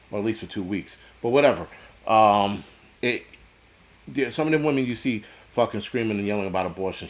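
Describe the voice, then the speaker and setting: A man with a lowish voice rants on a casual livestream, blunt and rambling. He swears constantly and answers viewer chat as he goes. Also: expressive, a little fast. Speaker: livestream host reading chat. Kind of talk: casual profane livestream rant.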